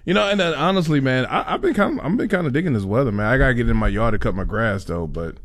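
A man's voice: medium pitch, animated, quick pace. A man, radio co-host, chatting casually in an easygoing, upbeat way as he tells a story. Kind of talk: casual chat.

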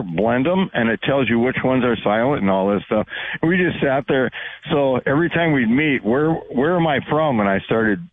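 An older man calling in to a radio show, telling a meandering, earnest story. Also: mid-range voice. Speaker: caller. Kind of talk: phone-in call. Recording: tinny phone line.

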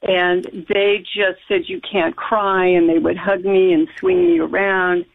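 A woman's voice: fairly low pitch, level tone, measured pace. American woman guest on a tinny phone line, emphatic, rambling storyteller. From United States. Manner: rambling, emphatic, with frequent restarts and laughs. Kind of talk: recounting a personal story in conversation.

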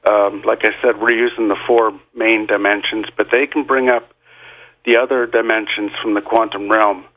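A man's voice: fairly low pitch, flat delivery, normal speed. Hesitant male guest, muffled line. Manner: hesitant, full of ums, explanatory. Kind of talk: radio interview.

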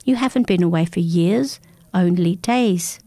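A woman voicing a quiet, insistent temple boy. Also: fairly low pitch, a little slow. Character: calm young male temple novice, secretive.

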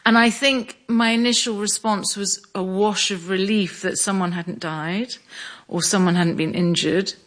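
Slow, measured middle-aged woman. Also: medium pitch, fairly even intonation, a bit bright. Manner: slow, measured storytelling with small restarts. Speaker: interviewee. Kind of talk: reflective interview.

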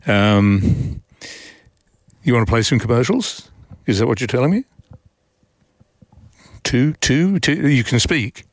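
A man hosting talkback radio, reading listener texts aloud in a wry, unhurried way. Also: mid-range voice, animated, no echo, clean studio sound. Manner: wry, unhurried, hesitant with fillers. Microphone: studio microphone.

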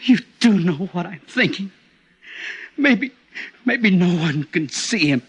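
Shaken, husky husband. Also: male voice, high-pitched, lively intonation, slow pace, exaggerated voice, low-quality recording. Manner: urgent, shaken. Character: tense, haunted husband. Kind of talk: 1940s radio acting.

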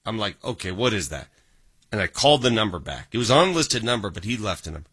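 Animated man telling a story, husky bright voice. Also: on the low side, quick pace, no echo. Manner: animated storytelling, acts out quoted dialogue. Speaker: radio show host. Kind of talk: casual talk radio banter.

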